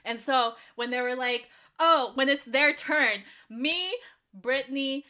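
A woman co-hosting a podcast, telling a concert story with excitement, quoting people and laughing. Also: sits high, measured pace. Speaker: podcast co-host. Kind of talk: casual chat.

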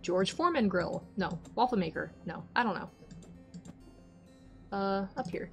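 A woman's voice: mid-range voice, expressive, unhurried, vocal fry, faint music behind. A woman streaming a game, chatting casually to herself and her viewers and getting exasperated now and then. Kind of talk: casual let's-play chat.

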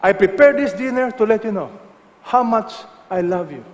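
A man's voice: sits high, expressive, normal speed, in a large hall. A man voicing a devoted, loving wife who speaks tenderly and earnestly.

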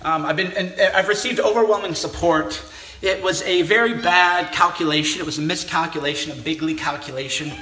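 A man's voice: a little high, brisk, bright, forceful tone, roomy sound, slight background noise, rough recording. A political commentator speaking straight to camera to his supporters, in a repetitive, emphatic and insistent way. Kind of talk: direct-to-camera address to supporters.

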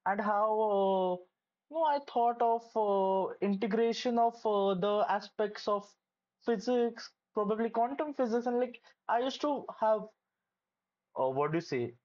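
A young adult medical student giving casual, hesitant advice with many pauses and restarts. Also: medium pitch, a little mellow, highs cut off.

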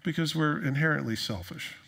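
A male pastor preaching in a conversational, joking manner with animated storytelling. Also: a little high, brisk, creaky. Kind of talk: sermon.

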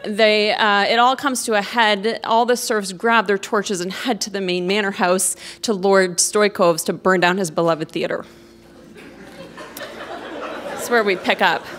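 A woman's voice: medium pitch, fairly even intonation, unhurried, fairly bright tone, slight background noise. A woman reads aloud from a melodramatic romance she wrote as a teen, treating it as comedy. Her narration carries a wry, amused tone, and she drops playful asides between passages. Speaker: reader of her own teenage writing. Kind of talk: comic live reading of a novel.

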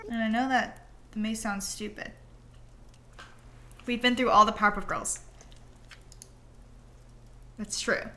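A woman's voice: on the high side, fairly even intonation, takes it slowly, pauses often, sharp tone. A young woman streaming live, chatting casually to her viewers in a giggly, rambling way. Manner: giggly, rambling, talks to chat.

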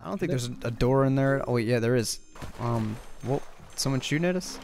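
A young man chatting casually while gaming, excitable, teasing and swearing freely into a headset. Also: medium pitch, fairly quick, vocal fry, soft background music. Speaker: gamer. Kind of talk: casual gameplay chat with a friend.

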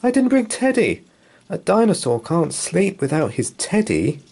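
A man's voice: low voice, big pitch swings, moderate pace, darkish tone, slightly rough, heavily acted. A man reading a storybook aloud and voicing a small, anxious young male dinosaur who frets and pleads. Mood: panicked. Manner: fretful, worried pleading.

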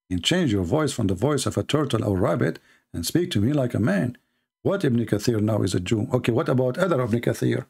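A man's voice: mid-range voice, expressive, moderate pace, creaky, darkish tone, husky. A man giving mocking, polemical commentary as a religious debater, sarcastic and taunting.

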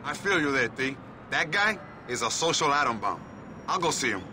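An actor playing a wry, street-smart young bodyguard in a video game, talking casually and mockingly. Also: male voice, mid-range voice, big pitch swings, normal speed, pushed and bright. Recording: heavy noise from game audio.

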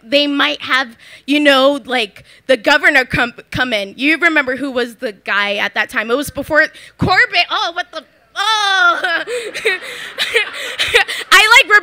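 Her voice sits high and sounds bright and pushed as this young woman from Philadelphia performs a comic personal tale at a story slam in a bar. The delivery is gabby and loaded with "like," broken up by frequent laughter.

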